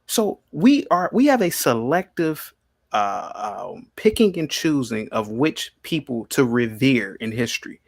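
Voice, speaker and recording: A man's voice: mid-range voice, very animated, a little slow, gravelly. A man hosting a heated live-stream debate, combative and repeating his questions insistently. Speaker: podcast host.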